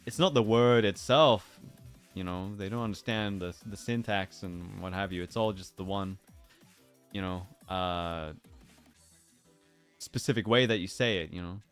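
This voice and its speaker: A man's voice: low-pitched, measured pace, a bit bright, smooth, faint music behind. A man chatting casually on a livestream, musing aloud in a playful way and drifting into silly voices. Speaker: streamer.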